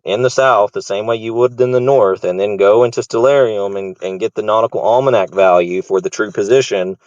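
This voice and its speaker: A man with a lowish voice explains a technical method on an online call, probing first and then laying out each step. The audio is slightly dull, with a dry, close sound. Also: brisk, a little mellow, no room sound.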